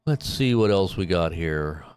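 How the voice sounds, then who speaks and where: A man hosting a casual livestream, reading news headlines and thinking out loud in a rambling way. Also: sits low, animated, a little slow, clear, resonant tone, dry recording.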